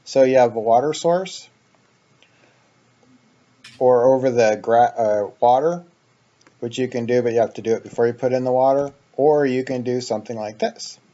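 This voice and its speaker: A man's voice: mid-range voice, moderate pace, pauses often, warm tone, highs cut off. A man hosting a casual let's play, explaining his building ideas as he thinks aloud, with frequent ums. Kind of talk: casual gameplay commentary.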